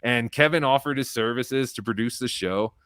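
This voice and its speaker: A man's voice: medium pitch, moderate pace, a bit bright, no room sound, studio quality. Rambling, foul-mouthed male comedian guest. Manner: rambling, profane storyteller. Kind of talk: casual live-stream interview.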